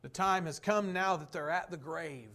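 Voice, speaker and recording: A man preaching a sermon, posing rhetorical questions and answering them, swinging from fervent emphasis to soft, low reflection. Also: moderate pace. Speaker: pastor.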